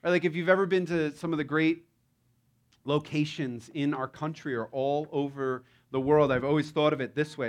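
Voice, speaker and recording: Higher-voiced male preacher, conversational. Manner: conversational and playful, acting out quotes. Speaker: pastor. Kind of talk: sermon.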